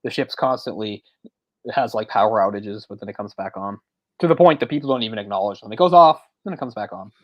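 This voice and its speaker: A man's voice: fairly low pitch, fast, dry recording, lo-fi sound. A man chatting casually on a movie discussion podcast, retelling scenes in a rambling way with frequent restarts and chuckles. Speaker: podcast co-host.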